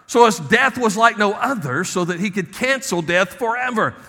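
A man preaches a sermon in a church sanctuary, his voice high and bright. He drops to quiet asides, then presses key phrases with force. A long reverb trails each line. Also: animated, normal speed. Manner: preaching, swings between soft asides and emphatic rises. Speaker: pastor.

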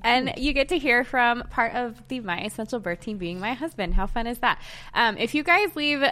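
A woman's voice: fairly high pitch, lively intonation, moderate pace, sharp tone. A woman who works as a doula, hosting her own podcast in a bubbly, enthusiastic way.

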